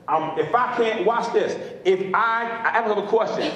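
Man, pastor, sermon, repetitive call-and-response, high voice, very echoey room. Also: normal speed, few pauses, fairly bright tone. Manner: preachy call-and-response, repeats phrases. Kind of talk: sermon teaching.

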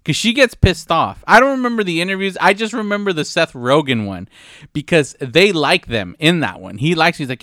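A man hosting a casual podcast chat, relaxed and quick to laugh, on a close mic. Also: a little high, dry recording. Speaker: podcast host.

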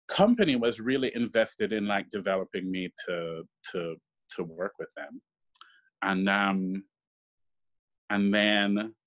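A man, a stage actor, telling stories in a casual interview and acting out the voices of people he quotes. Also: fairly low pitch. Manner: animated, acts out quoted voices. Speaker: guest actor.

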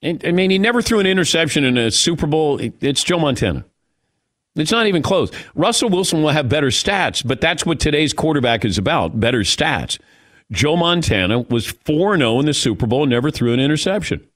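A man's voice: fairly high pitch, very animated, fairly quick, fairly bright tone. A man hosting a sports talk radio show, laughing often and arguing back and forth with his co-hosts.

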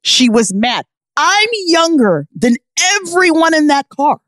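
A podcast co-host tells a funny story in a casual way, laughing often and exclaiming, her pitch jumping wildly from line to line as she animates and emphasizes. Her voice is a little high and a little slow. The recording is close and dry, like in a podcast studio.

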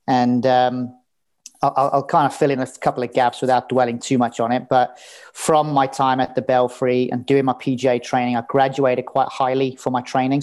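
A man's voice: mid-range voice, darkish tone. A man talking as a podcast guest, telling his story in a candid, casual way and swearing now and then. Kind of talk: casual interview chat.

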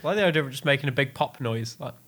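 A man's voice: medium pitch, fast, crowd noise. A man co-hosting a podcast, joking with wry asides in casual chat. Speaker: podcast co-host.

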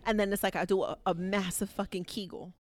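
A woman's voice: medium pitch, steady tone, fast talker, heavy background noise. A young woman co-hosting a podcast, talking frankly and swearing freely in casual chat. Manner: frank, profane, laughing. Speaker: podcast co-host.

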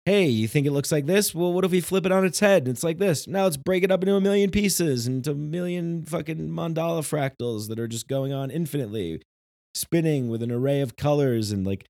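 A man voicing a gleeful male trickster spirit that shows off how it bends reality, in an excited, coaxing, sing-song way. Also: on the high side, brisk, vocal fry, no echo, clean studio sound, pitched above the performer's own voice. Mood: giddy.

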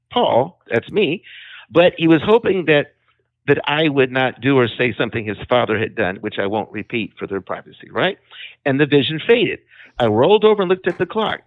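A man telling a dramatic personal testimony as a guest, calling in over the phone, emphatic and animated. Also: medium pitch, no echo. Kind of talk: storytelling testimony. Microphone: phone call. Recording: tinny phone line.

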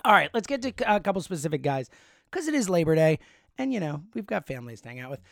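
A man with a fairly high voice chats about sports on a podcast, teasing and full of fillers, then jumping into loud bursts. The sound is dry and close. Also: very animated, fast talker, gravelly, no room sound. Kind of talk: casual sports chat.

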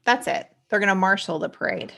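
A woman's voice: mid-range voice, fairly quick, creaky, bright, forceful tone. A woman co-hosting a podcast, casually recapping a sitcom episode in a rambling way, correcting herself with ums and likes. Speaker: podcast co-host.

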